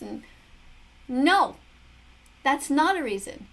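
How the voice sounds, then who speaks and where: With a bright-ish, high, animated voice at moderate speed, a middle-aged vegan commentator responds to a video. Her casual commentary to camera comes across as earnest and preachy, full of rhetorical questions.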